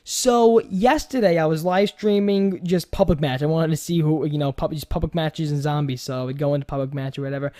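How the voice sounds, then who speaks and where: A man's voice: a little high, a little fast, hardly any pauses, warm tone. A young man with a New York accent chats loosely as a podcast host. He rambles from one thought to the next, doubles back on his words and swears freely. His delivery is casual and unscripted. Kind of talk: casual chat.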